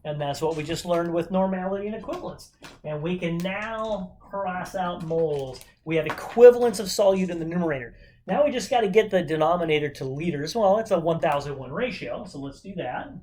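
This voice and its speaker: A man's voice: high voice, normal speed, darkish tone, a little hiss or hum. Upbeat man teaching chemistry. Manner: upbeat, chatty, asks frequent rhetorical questions. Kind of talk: informal recorded chemistry lesson.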